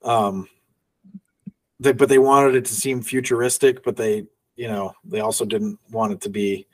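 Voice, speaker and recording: A man's voice: fairly low pitch, steady tone, moderate pace, a little mellow, no room sound, distant mic. A man co-hosting a movie podcast in casual chat, rambling and laughing often as he acts out little quotes. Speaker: podcast co-host.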